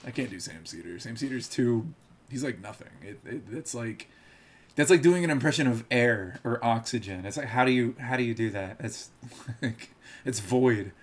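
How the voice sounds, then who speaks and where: A man's voice: medium pitch, animated, normal speed, breathy edge. A man streaming live, rambling and laughing as he mocks people and tries out impressions.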